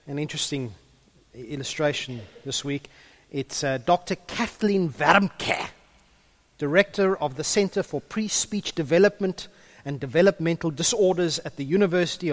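A man preaching a sermon in a conversational way, with humorous asides and a few stumbles. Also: on the high side.

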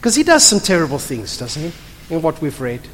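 A pastor delivering a sermon with a lively, swooping delivery that rises and falls, chatty and blunt, often tossing rhetorical questions to the room. The voice carries through a large church hall with a long, lingering reverb. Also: mid-range voice, moderate pace, a little hiss or hum. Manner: animated, conversational, asks rhetorical questions; blunt and emphatic.

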